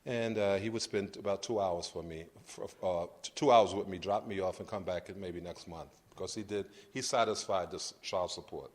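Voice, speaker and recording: A middle-aged man from Brooklyn, giving a lecture about his life in a conversational, halting way with frequent restarts. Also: deep voice, fairly even intonation. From Brooklyn, New York. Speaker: guest lecturer. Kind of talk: personal storytelling lecture.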